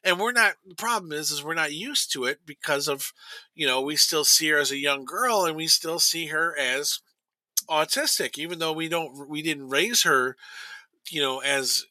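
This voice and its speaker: A man's voice: a little high, normal speed, sharp tone, no room sound. A man in his forties chatting casually on a podcast, rambling with lots of fillers and restarts. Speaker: podcast co-host. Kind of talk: casual chat.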